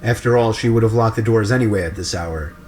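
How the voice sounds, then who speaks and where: Man narrating a scary story, steady. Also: fairly low pitch, quick pace, soft background music. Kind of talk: scripted narration.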